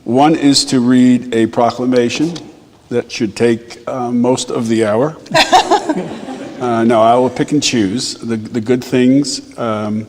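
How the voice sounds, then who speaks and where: A man's voice: mid-range voice, steady tone, measured pace, darkish tone, slight background noise. A man, a deputy mayor, reading a proclamation at a ceremony with wry joking asides. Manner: wry, joking asides between formal lines. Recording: roomy hall with long reverb.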